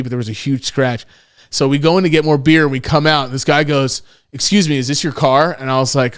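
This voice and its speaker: In studio-quality audio with no room sound, a man with a mid-range voice speaks at a moderate pace. Co-hosting a podcast, he retells stories in a casual, animated way, heavy on profanity and performed quotes.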